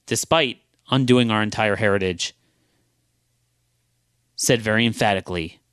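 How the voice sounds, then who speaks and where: A man's voice: mid-range voice, fairly bright tone, no echo, studio quality. A man hosting a solo podcast, arguing a legal point emphatically and reading out quotes. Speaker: podcast host.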